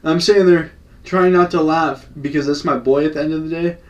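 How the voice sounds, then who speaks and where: A man's voice: a little high, brisk, recorded from a distance, dull audio. A young man telling a story in casual slang, acting out the quotes. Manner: slangy, animated, acts out quotes. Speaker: storytime vlogger.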